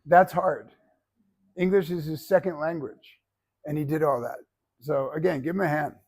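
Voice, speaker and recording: Leading a public speaking class, a man gives feedback and tells lively stories, acting out the voices of others. He speaks at a normal speed in a slightly high voice.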